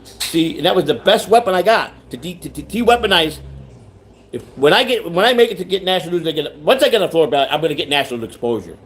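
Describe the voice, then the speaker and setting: A man's voice: a little high, animated, fast. A man hosting a rambling livestream chat, repeating himself, restarting sentences and reading viewer comments aloud. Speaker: livestream host.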